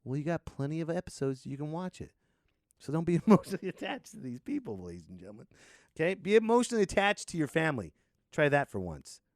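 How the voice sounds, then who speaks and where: A man delivers a comic rant as a podcast host, sarcastic and rambling. His voice sits a touch high, and he drops to mutters before jumping into loud bursts. The sound is dry and close. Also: sing-song, quick pace, creaky, no room sound.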